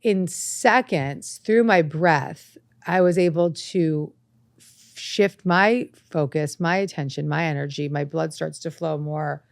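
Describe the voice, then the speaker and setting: A woman hosting a self-help podcast, talking earnestly and reflectively, breaking into animated anecdotes. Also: deep voice, slow, vocal fry, dry recording, studio quality. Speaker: podcast host. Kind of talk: motivational self-help talk. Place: studio set with lights.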